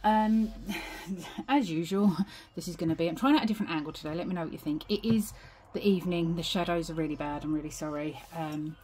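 British woman, young adult, low-pitched, out of breath, rambling home vlogger. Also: fairly quick, a little mellow, slight background noise. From United Kingdom. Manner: chatty, rambling, self-deprecating. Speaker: budgeting vlogger. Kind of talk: casual chat to camera. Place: home, evening.

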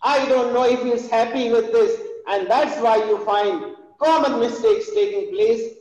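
A middle-aged man with an Indian English accent delivers an earnest, emphatic lecture, pausing on fillers and circling back over his words. His voice sits high for a man but has a soft, mellow tone. The sound is dull and lo-fi, carried on a long echo from a large hall. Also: animated. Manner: earnest, emphatic, with frequent hesitations and repetitions. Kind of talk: formal lecture.

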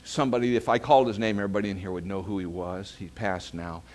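A man's voice: lowish voice, steady tone, fast. A man, preaching a sermon as pastor, telling stories and calling the congregation to say amen. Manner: storytelling preacher calling for amens.

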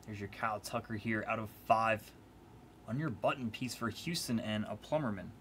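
A man's voice: lowish voice, normal speed, a bit bright, slight background noise. Playful man hosting a card break. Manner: playful, chatty, teasing the chat. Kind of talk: casual live-stream commentary.

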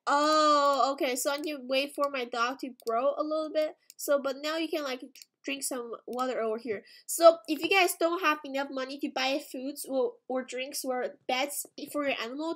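A woman with a high voice narrates her gameplay in an excitable, chatty way. She gasps and exclaims often, bubbling over with delight as she plays. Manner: excitable, gasping, repeated exclamations. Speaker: gaming video creator. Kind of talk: gameplay commentary.

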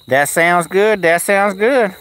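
A man's voice: sits high, a bit bright. A man chatting casually on a live stream outdoors at a kennel, cooing at his animals and answering the chat in a folksy way.

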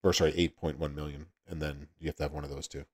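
A man's voice: rumbling low, level tone, fast. A man with a Southern US accent hosting a livestream, chatting casually with viewers and laughing often. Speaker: livestream host.

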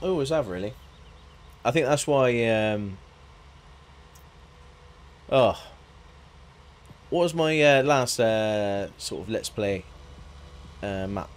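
A man's voice: on the low side, animated, takes it slowly, long pauses. A man chatting casually on a live game stream, joking, laughing and thanking viewers by name.

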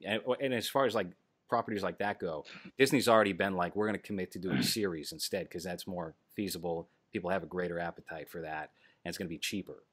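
A man's voice: low-pitched, fast, a bit bright, breathy edge, dry recording. A man in casual podcast chat, explaining at length with many fillers. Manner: rambling, filler-heavy explaining. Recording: dry close audio.

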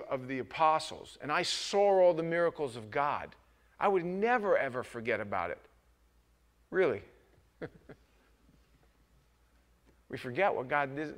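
A man preaching an informal, joking sermon as pastor in a church, often restarting his sentences. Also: fairly high pitch. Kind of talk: conversational sermon. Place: church sanctuary.

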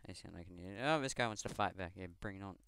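A man's voice: low voice, racing, vocal fry, fairly bright tone, clean tone, no echo, studio quality. A teenage man from Scotland with a Scottish accent, giving rambling, self-mocking game commentary over a headset mic, swearing often. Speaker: gamer. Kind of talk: gameplay commentary.

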